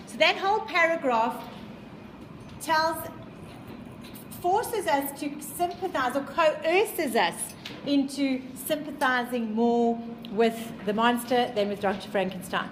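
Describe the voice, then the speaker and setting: A woman's voice: sits high, slow, reverberant, slight background noise, low-quality recording. A woman with a South African accent who teaches a class in an emphatic way, repeating her points and quizzing her students. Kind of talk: classroom lecture.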